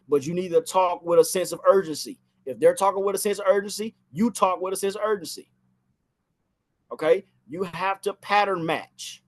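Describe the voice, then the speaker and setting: A man's voice: high-pitched, normal speed. A man giving a casual spoken training on phone sales, talking from inside a house and repeating phrases for emphasis.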